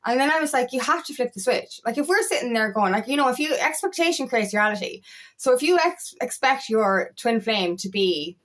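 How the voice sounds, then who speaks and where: A woman's voice: fairly high pitch, expressive, brisk, fairly bright tone. Woman, coach, casual spiritual vlog talk, frank and sweary, lots of fillers. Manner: candid, swears often, fillers like "you know". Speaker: empowerment coach.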